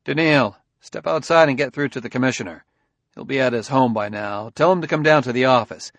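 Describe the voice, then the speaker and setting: A man voicing a shrewd male detective who presses a suspect in a firm, measured, needling way. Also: mid-range voice, no echo, close to an everyday voice.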